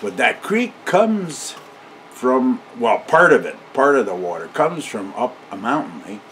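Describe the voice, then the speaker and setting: A man's voice: medium pitch, very animated, a little slow, fairly bright tone, a little hiss or hum. An older man telling a casual, rambling story, often chuckling and ending his sentences with a questioning "eh?".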